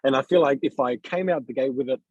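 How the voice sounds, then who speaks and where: A man's voice: medium pitch, fast talker, a little mellow, breathy edge, no echo, dull audio. A man training as a car salesman, talking over a video call in a hesitant way, repeating words as he thinks aloud. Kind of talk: coaching session, casual.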